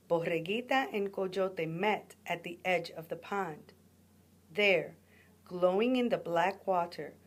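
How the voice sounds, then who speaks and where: A woman, a guest reader, reading a children's picture book aloud with expressive storytelling. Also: on the low side.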